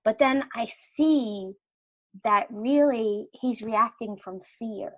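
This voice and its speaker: A middle-aged woman, guesting on a podcast, speaks slowly in a fairly high-pitched voice while telling a personal story in casual conversation. She animatedly acts out quoted dialogue. The recording is low quality, with no room sound.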